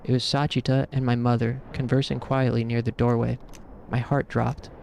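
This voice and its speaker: Gravelly man reading a story game aloud. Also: mid-range voice, little pitch movement, moderate pace, a little mellow, a little hiss or hum. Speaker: streamer.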